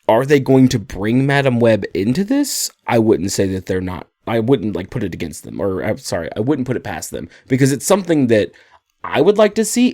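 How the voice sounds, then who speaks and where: A man's voice: medium pitch, warm tone, dry recording, clean studio sound. A man co-hosting a movie podcast, explaining things in a casual, enthusiastic way. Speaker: podcast co-host. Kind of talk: casual chat.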